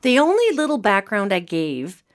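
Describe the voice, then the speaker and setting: A woman hosting a podcast as a medium, an animated storyteller who acts out quotes in casual chat. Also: mid-range voice, normal speed. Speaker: host and medium.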